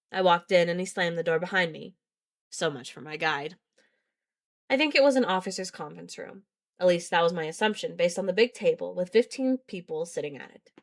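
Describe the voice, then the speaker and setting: A woman's voice: on the low side, a bit bright. A woman reading a novel aloud on a live stream, breaking off to chat casually, laugh and swear at her viewers. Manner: casual, swears and laughs between read passages.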